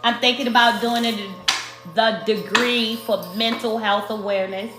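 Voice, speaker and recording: A woman from Brooklyn with a New York accent, giving a spiritual tarot card reading to her viewers in slow, emphatic speech that addresses them as the collective. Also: on the high side, steady tone. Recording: echoey room with faint music.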